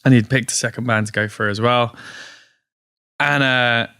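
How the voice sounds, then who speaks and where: Lively man telling a story. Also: mid-range voice, normal speed, clean tone, dry recording, studio quality. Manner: storytelling, animated retellings, laughs often. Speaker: gig promoter, guest. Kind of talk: casual interview chat. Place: podcast studio.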